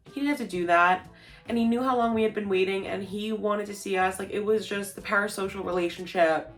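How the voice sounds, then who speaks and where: A woman's voice: mid-range voice, steady tone, moderate pace. A young woman telling a story in a casual vlog, gushing and full of "like", acting out what people said. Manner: gushing, lots of "like", acts out quotes. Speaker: vlogger.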